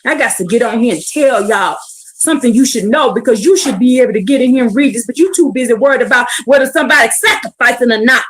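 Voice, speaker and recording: A woman's voice: a little high, fast talker. A woman reading scripture aloud on a livestream, breaking off into blunt, profane asides and pleading rhetorical questions. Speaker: scripture teacher. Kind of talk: livestreamed Bible reading with commentary.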